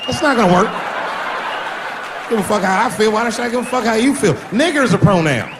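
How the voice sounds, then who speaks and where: A man's voice: sits high, fairly quick, crowd noise, background noise. A man doing stand-up comedy, telling stories and acting out the people in them. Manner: animated, switching voices for characters in stories. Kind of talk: stand-up storytelling. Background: audience laughter.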